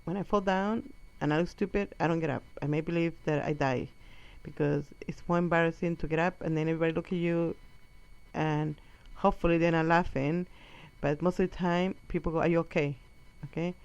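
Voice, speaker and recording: Profane comedian telling a story, lo-fi. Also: female voice, low-pitched, fairly quick. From Colombia. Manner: animated, profane, acts out quotes. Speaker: stand-up comedian. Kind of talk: stand-up storytelling. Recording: dull lo-fi recording.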